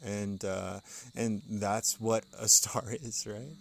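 A man's voice: lowish voice, steady tone, slow, creaky, slight background noise. A man speaking outdoors on a porch, musing conversationally as a podcast host, chuckling often and reading passages aloud between his thoughts. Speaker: podcast host reading and explaining an occult text. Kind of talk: casual spoken commentary.

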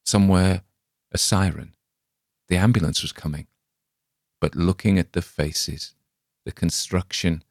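A man reading a short story aloud as narrator, in a measured, dramatic manner. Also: low voice, no room sound, clean studio sound.

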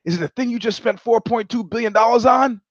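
A man's voice: very high-pitched, fast, dry recording. A man hosting his own show, telling stories in a sardonic, profane monologue. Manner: sardonic, profane, mimics others in anecdotes. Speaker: show host. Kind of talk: monologue storytelling. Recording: dry, slightly dull lo-fi audio.

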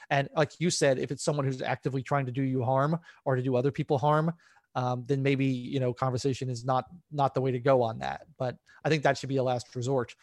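A man's voice: medium pitch, a little mellow, no room sound, clean studio sound. A man who is an author, a guest on a podcast, speaking in an articulate, fluent way. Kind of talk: conversational interview.

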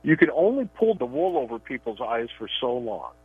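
Brisk and sing-song, this medium-pitched male voice with a breathy edge comes from a political radio co-host and columnist. He speaks emphatically, frequently repeating words as sentences begin. The phone line is tinny and dry, with no echo.

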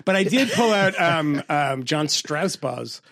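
A man co-hosting a podcast in casual panel banter, animated and laughing through quick asides. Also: on the high side, gravelly, dry recording, clean studio sound. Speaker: podcast co-host.

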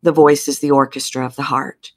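A woman with a Texan accent, a voice coach telling her story as an interview guest, animated, with sudden jumps in pitch. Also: brisk, dry recording. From Texas.

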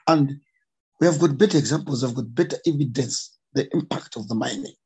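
A Zambian conservationist with a Zambian accent speaks as an emotional guest in an impassioned interview, earnestly repeating his points for emphasis. His mid-range voice is mellow yet slightly rough and brisk, on a low-quality recording.

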